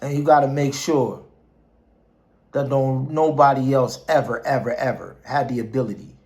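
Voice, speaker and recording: A man speaking at an ordinary middle pitch who delivers an impassioned street speech. He talks like a preacher, quoting scripture and driving each point home by repeating the same phrase again and again. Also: fairly even intonation, normal speed, a little mellow. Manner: quotes scripture.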